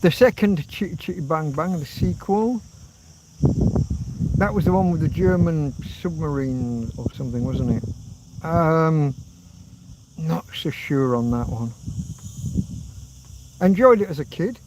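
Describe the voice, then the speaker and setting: An English man in his fifties hosts a loose livestream chat, wandering from one memory to the next. He swears casually and hums old tunes. His voice sits a little high, with a faint hiss of noise underneath. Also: expressive, measured pace, pauses often. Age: 50s. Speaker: livestream host.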